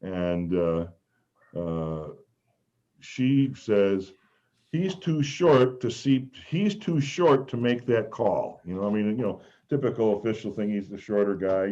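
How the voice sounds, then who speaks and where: A man with a low, mellow voice tells rambling stories on a video call, often stopping to act out the lines he once shouted. His talk is loose and animated. The sound is dull and lo-fi, like call audio. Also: takes it slowly. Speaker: former college mascot guest. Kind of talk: casual storytelling on a video call.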